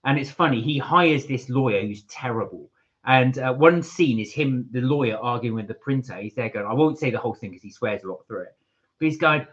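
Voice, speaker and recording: A man co-hosting a casual live stream, rambling through viewer comments with plenty of hesitant fillers. His voice sits at an ordinary middle pitch. The audio is a little dull and lo-fi. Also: animated, fast, fairly bright tone. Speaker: channel co-host.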